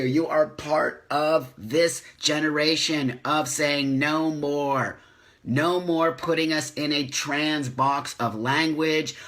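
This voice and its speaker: A man's voice: on the high side, a bit bright. A man in his fifties hosting a live stream, speaking with passion, preaching and repeating lines for emphasis, with some swearing. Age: 50s. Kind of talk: live-streamed motivational talk. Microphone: phone or webcam, live stream.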